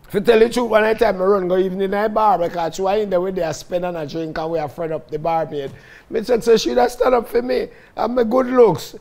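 A man with a Jamaican Patois accent telling stories from his own life in a lively, dramatic way, often calling out to his listeners. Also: high-pitched, gravelly. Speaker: storyteller recounting his life. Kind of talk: casual spoken autobiography.

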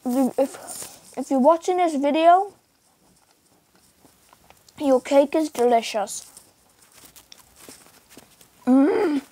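A woman chatting casually through her gameplay video, excitable and yelping as she plays. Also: sits high, very slow, pauses often. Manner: excitable, calls out and yelps while playing. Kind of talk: casual game commentary. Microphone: screen recorder mic.

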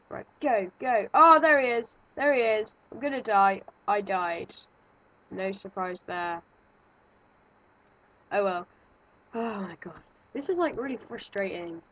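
A woman talks her way through a game, nervous and jumpy, often breaking into sudden exclamations. Her voice is husky and a little breathy. The recording is muffled and lo-fi. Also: mid-range voice. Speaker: gaming video creator. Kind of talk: let's-play game commentary.

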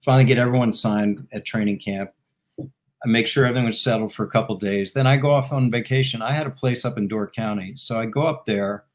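A man who is a guest and former football team executive, telling an anecdote in an animated way and laughing as he goes. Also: lowish voice, brisk. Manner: animated, laughing while he tells it. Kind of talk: storytelling anecdote in interview.

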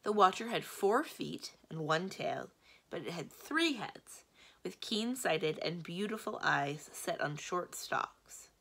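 A woman librarian reading a children's novel aloud, telling the story with steady, expressive narration. Her voice is lowish and bright, with a gravelly texture. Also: takes it slowly.

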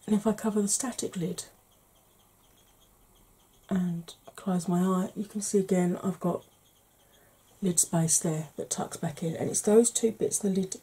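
A woman hosting a soft-spoken makeup tutorial, chatty and explaining each step, tired and yawning. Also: lowish voice, fairly even intonation, measured pace, pauses often, slightly rough.

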